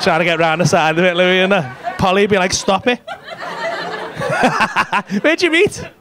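A male stand-up comedian, doing loud, sweary crowd work with the front row in a comedy club. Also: high voice, big pitch swings, unhurried. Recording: live club recording with crowd noise. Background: laughing audience.

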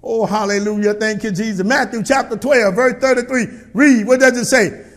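A middle-aged male pastor preaching a sermon to his congregation in a church, calling for responses and often shouting. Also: very high-pitched, moderate pace.

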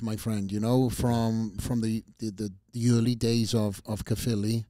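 A man with a fairly low, warm voice hosts a podcast interview. He asks questions conversationally and often repeats his opening words. The sound is dry and close. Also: level tone, unhurried, dry recording. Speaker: podcast host. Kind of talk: interviewing a guest.

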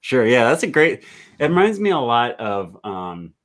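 A man's voice: mid-range voice, very animated, moderate pace, a bit bright. A young man from Wisconsin, hosting an easygoing chat. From Wisconsin, USA. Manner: easygoing, many fillers and laughs. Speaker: host, language YouTuber. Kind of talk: casual interview.

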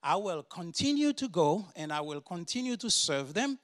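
Haitian-accented male preacher, fairly high voice, earnest sermon delivery that rises to forceful emphasis. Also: sing-song, moderate pace. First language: French. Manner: earnest, builds to loud emphatic declarations. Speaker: guest preacher and doctor.

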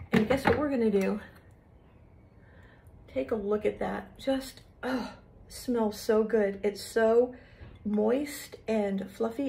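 A woman's voice: on the high side, vocal fry, dark tone. A middle-aged woman, chatting homey and friendly to viewers as she shows a recipe in her kitchen. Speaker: cooking show host. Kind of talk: casual cooking demonstration. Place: home kitchen.

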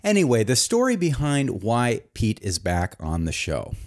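A man's voice: mid-range voice, wildly swooping pitch, normal speed. A man hosting a satirical comedy review show, talking in a mock-earnest, rambling way. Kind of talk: deadpan satirical monologue.

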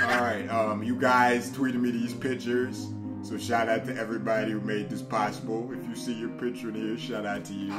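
A man's voice: fairly low pitch, level tone, moderate pace, loud music behind the voice. A young man reacting to a video about himself, laughing, swearing and exclaiming as he talks to his viewers. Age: young adult. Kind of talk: casual reaction commentary.

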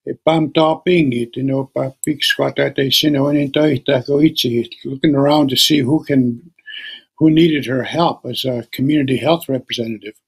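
A middle-aged man telling a traditional story in an unhurried, conversational way. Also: mid-range voice, steady tone, slightly rough. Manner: unhurried, conversational, with many you-knows. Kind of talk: oral storytelling.

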